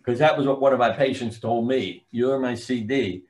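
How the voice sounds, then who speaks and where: Speaking at a normal speed in a mid-range, slightly mellow voice, an older physician and author tells long, meandering stories during a relaxed interview. Now and then he forgets a name partway through.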